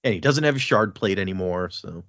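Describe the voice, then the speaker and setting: Brief: lively male podcast co-host, a mid-pitched voice that rises and falls a lot, dry, slightly dull audio. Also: dry recording. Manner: animated, acts out characters' lines in quick voices. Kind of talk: casual book recap chat.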